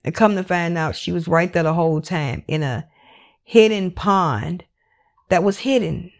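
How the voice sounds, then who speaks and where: A woman's voice: on the low side, brisk. Candid, emotional woman telling true crime. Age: adult parent. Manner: emotional, candid and profane, with many "like" fillers. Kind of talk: casual true crime recap.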